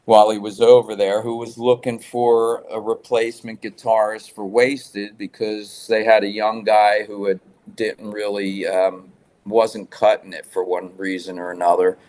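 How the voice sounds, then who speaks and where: Man, low voice, rambling storyteller, casual swearing, interview guest. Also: little pitch movement, unhurried, a little mellow. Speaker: guest musician.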